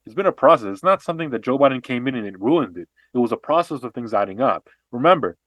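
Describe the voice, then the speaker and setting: A man co-hosting a podcast, explaining history and politics in an animated, casual way with frequent restarts and fillers. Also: mid-range voice, fast talker, no room sound. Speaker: podcast co-host.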